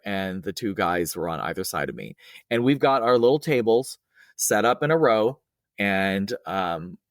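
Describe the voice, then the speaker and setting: Middle-aged guy telling a ghost story, lots of ums and restarts, mid pitch, dry close sound. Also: no echo. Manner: rambling and conversational, with many fillers and restarts; acts out quoted dialogue in a raised, excited voice. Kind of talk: casual spoken ghost story.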